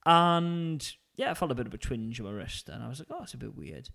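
A podcast co-host with a gravelly, creaky edge to his voice tells a rambling story in a relaxed, self-mocking way. He talks casually at a middle pitch, the easygoing rhythm of friends chatting on a show. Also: a little fast. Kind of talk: casual chat.

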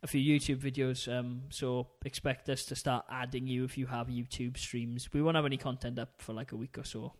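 A man co-hosting a podcast, chatting casually in a relaxed, rambling way and laughing often. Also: mid-range voice, fairly quick, few pauses. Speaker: podcast co-host. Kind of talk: casual chat.

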